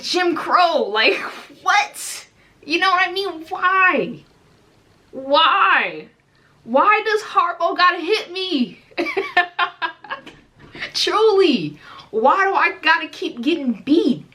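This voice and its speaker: A young woman from the United States talks through a casual reaction commentary in a high, lively voice. She fires off rhetorical questions and swings her pitch widely as she goes. Her tone is bright and forward. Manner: animated, rhetorical questions, frequent laughter.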